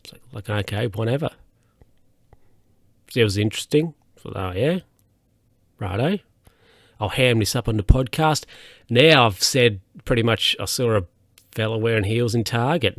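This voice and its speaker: A man's voice: mid-range voice, dry recording. Rambling man, dry close sound. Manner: rambling, hesitant, many fillers and restarts. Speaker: podcast host. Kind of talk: casual solo podcast rambling.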